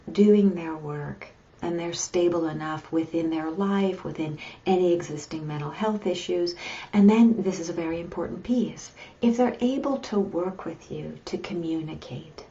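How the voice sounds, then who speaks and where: A woman psychologist speaks in a low, mellow voice through dull, lo-fi webcam audio. She gives earnest, emphatic advice in a live video chat and keeps checking in with her viewers. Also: measured pace. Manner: earnest, emphatic, often asks "right?". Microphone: computer or webcam mic on a video chat.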